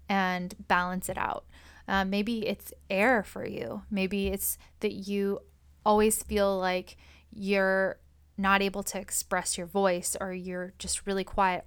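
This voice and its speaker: A woman giving an earnest, reflective spiritual monologue, speaking gently and sometimes dropping into a soft whisper. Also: medium pitch, clear, resonant tone.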